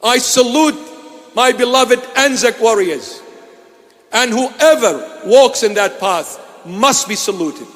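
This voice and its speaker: A man's voice: extremely high pitch, animated, slow pace, fairly bright tone, in a large hall. A man from Iraq giving an emphatic sermon, repeating phrases for weight. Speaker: bishop preaching. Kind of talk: sermon address. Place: church.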